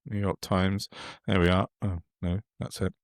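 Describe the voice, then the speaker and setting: A sardonic man chats about politics on a podcast, his voice sitting low. He mocks his targets with frequent chuckles. The sound is close and dry, with no room around it. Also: steady tone, normal speed, gravelly, no echo. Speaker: podcast co-host. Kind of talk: casual political chat.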